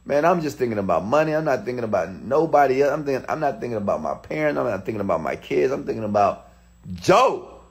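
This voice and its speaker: A man in his thirties, a motivational speaker, telling a personal story in an animated way, with sudden excited shouts. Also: medium pitch, fast talker, vocal fry.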